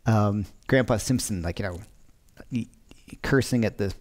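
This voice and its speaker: A man's voice: fairly low pitch, moderate pace, a little mellow. Middle-aged man, guitar teacher on a home livestream, chatty and rambling, often restarting his sentences. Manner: rambling, self-interrupting, chatty. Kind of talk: casual livestream talk. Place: home during lockdown.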